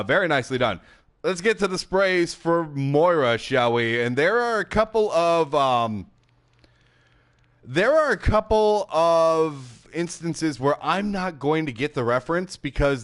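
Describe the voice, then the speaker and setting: A man's voice: mid-range voice, clean tone. Chatty male gaming host on a headset. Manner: chatty and excitable, with frequent laughs and filler. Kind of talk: casual game commentary.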